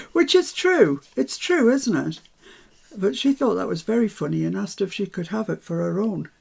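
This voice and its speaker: An older woman talks viewers through a craft project in a relaxed, chatty way. Her voice is strongly gravelly, dark and a little husky. She throws in self-mocking asides as she works. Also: medium pitch, moderate pace. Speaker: craft tutor. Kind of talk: live craft demonstration.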